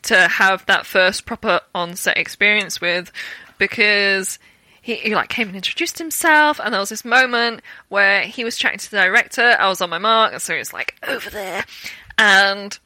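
Young british woman, bright crisp tone, dry close sound, lively storyteller. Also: mid-range voice, normal speed, dry recording. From Britain. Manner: animated storytelling with acted-out quotes and laughter. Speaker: guest, actor. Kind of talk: casual interview chat.

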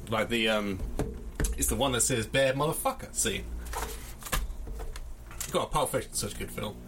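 Male podcaster talking casually into a home mic, mid-pitched, wandering and self-mocking. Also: background noise. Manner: rambling, self-deprecating, jokey. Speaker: podcast host. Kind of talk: casual solo chat. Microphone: audio interface.

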